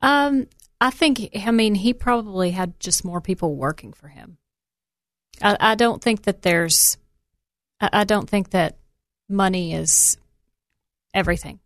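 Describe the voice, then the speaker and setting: Woman guest on talk radio, mid-range voice, soft and hesitant, dry booth sound. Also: medium pitch, unhurried, pauses often, dry recording. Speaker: communications director. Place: radio studio.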